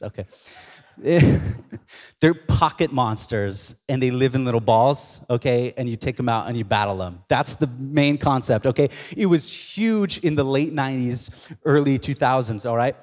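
A man's voice: mid-range voice, expressive, moderate pace, a little mellow. A male pastor preaching a casual storytelling sermon, joking and talking straight to the congregation in a church. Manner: conversational and joking, addressing the congregation. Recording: long reverb of a large hall.

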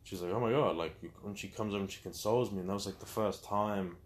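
A man's voice: sits low, steady tone, fast. A young man speaking candidly as an interview guest, telling his story openly and acting out quotes with animation.

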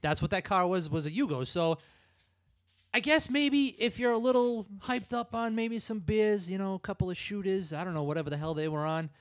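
A man hosting a podcast, retelling film scenes casually with quick impressions. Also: high-pitched, no echo. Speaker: podcast host. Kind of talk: casual chat.

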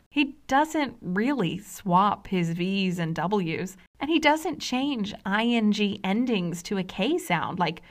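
A woman giving a scripted, analytical narration for a video essay, explaining things in a measured way. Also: medium pitch.

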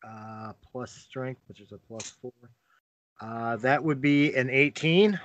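A man's voice: mid-range voice, slow pace, fairly bright tone, dull audio. A man playing a tabletop game, cracking jokes and swearing while he rolls. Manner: joking, profane storyteller. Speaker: player. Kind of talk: casual tabletop game chat. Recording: noisy home recording.

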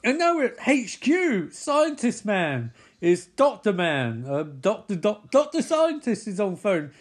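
A man giving sarcastic, casual running commentary on a film, swearing and getting excitable as he watches. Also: sits high, takes it slowly. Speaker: movie reaction commentator. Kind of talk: casual live movie commentary.

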